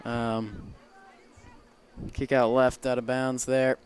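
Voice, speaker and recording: A young man giving casual play-by-play commentary on a high school soccer game outdoors, his calls rising with the action. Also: little pitch movement, slow. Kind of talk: amateur sports commentary.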